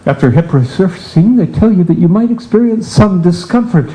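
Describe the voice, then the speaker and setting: Older male storyteller, wry and theatrical, high voice with lots of swing. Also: expressive, a little fast, dark tone. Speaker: comic author reading aloud. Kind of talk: comic storytelling to a live audience.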